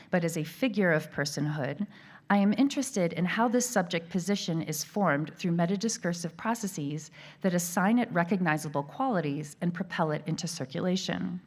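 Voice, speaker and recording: A woman giving an academic keynote lecture, reading a prepared text in a measured way. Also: lowish voice. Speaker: keynote speaker.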